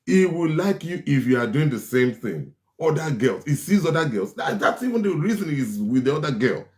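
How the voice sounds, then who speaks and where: A man's voice: on the high side, very animated, moderate pace, darkish tone. Man, preachy advice host, repeats for emphasis, roomy echo. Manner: emphatic, repeats lines for stress. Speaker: host giving relationship advice. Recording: echoey room.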